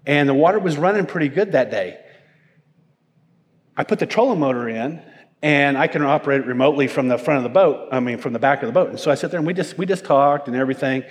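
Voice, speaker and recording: A middle-aged male pastor preaching, telling a self-mocking personal story in an animated way. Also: fairly high pitch, quick pace. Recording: long hall reverb.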